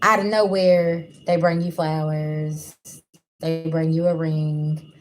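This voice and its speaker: A woman's voice: low voice, flat delivery, slow pace, faint music behind. A woman doing a livestream spiritual reading, talking bluntly and casually to her viewers. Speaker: spiritual reader. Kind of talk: livestream tarot-style reading.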